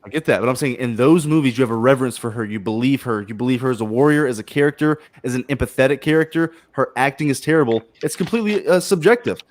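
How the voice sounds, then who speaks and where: A man's voice: medium pitch, fast talker, hardly any pauses. Blunt man on a livestream panel. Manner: blunt, hyperbolic, stumbles and restarts. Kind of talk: casual chat.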